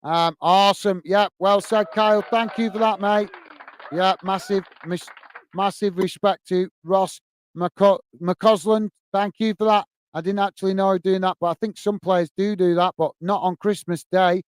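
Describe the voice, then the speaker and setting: Hosting a live stream for football fans, a man from the UK reads out chat messages and thanks viewers by name, calling them mate, while his lagging computer occasionally flusters him. His high-sitting voice is smooth and steady at a moderate pace, with no echo.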